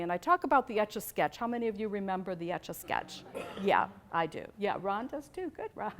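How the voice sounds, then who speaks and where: A woman giving an animated storytelling talk to an audience about teaching teenagers, asking questions and rising to emphatic peaks. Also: mid-range voice, a little fast. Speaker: abstinence educator speaking to a church group.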